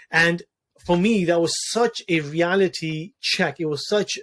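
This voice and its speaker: A man in his thirties speaks in an earnest, reflective way, his voice sitting a little higher than most men's. He often circles back, restarting phrases and repeating words as he searches for what to say. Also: moderate pace, a bit bright. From Wales. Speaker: podcast guest, doctor. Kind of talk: reflective personal conversation.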